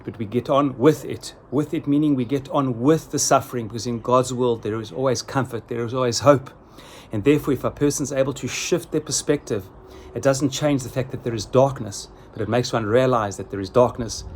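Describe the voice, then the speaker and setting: A middle-aged rabbi gives a weekly Torah talk in a middle-pitched, steady voice. He preaches in an earnest, measured way, often repeating key phrases for weight, and a faint noise runs beneath the recording.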